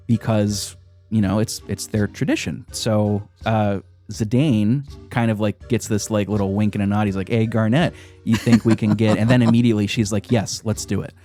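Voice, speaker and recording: A man's voice: fairly low pitch, moderate pace, dark tone, faint music behind. A man hosting a podcast, casually retelling a game's story, laughing often and swearing now and then. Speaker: podcast host.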